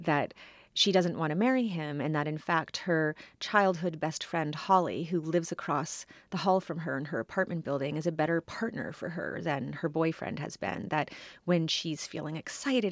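A woman in her forties, a writer being interviewed, talking in a thoughtful, halting way with frequent restarts. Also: low-pitched, no room sound. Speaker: writer and guest. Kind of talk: conversational interview.

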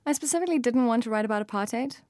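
A woman's voice: fairly high pitch, lively intonation, rapid-fire, darkish tone, no echo, clean studio sound. A woman author with a South African accent, talking thoughtfully in an interview with frequent fillers and restarts.

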